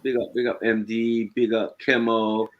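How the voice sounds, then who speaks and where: A man's voice: fairly low pitch, little pitch movement, normal speed, lo-fi sound, background noise. A man, chatting casually on a live panel, slangy and often checking "you know what I mean". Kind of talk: casual chat.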